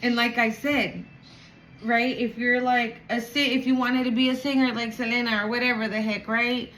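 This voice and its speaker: A woman giving a channeled spiritual reading to viewers, emotional and animated, swearing casually. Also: fairly high pitch, normal speed, a little hiss or hum, poor audio. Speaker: spiritual reader.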